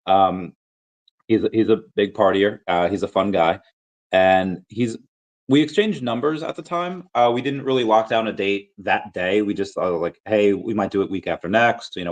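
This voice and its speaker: A man giving casual solo commentary as a video creator, chatty and animated, reading out posts and shout-outs with frequent fillers and laughs. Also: on the low side, moderate pace, poor audio. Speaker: crypto and collectibles video creator.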